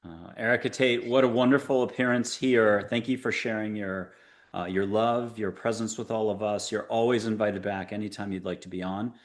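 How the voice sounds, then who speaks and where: A man hosts a spiritual talk show, leading guests and listeners through breathing and visualizations. He is playful and coaxing, slipping in dad jokes between calm guidance. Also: fairly low pitch, normal speed. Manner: playful, jokey, coaxing guide. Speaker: show host. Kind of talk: guided meditation talk show.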